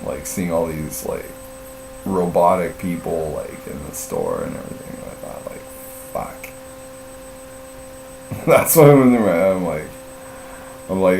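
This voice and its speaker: A man's voice: deep voice, creaky. A middle-aged man telling a story in casual live-stream chat, rambling and profane, full of fillers and self-mocking laughs. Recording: roomy, distant mic with faint mains hum.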